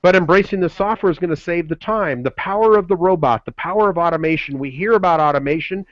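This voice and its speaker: High-voiced pushy male sales pitcher. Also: fast, no room sound, muffled recording. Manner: pushy motivational, repetitive slogans. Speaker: webinar co-host.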